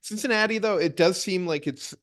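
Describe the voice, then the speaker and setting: A man's voice: sits high, a little fast, a bit bright. A man hosting a podcast in casual chat, easygoing and agreeable, mostly giving short replies.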